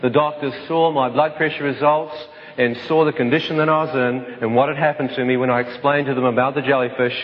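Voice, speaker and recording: A man giving an earnest personal testimony to an audience, slowing right down whenever he quotes a prayer. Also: medium pitch, fairly even intonation. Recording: dull sound with long hall reverb.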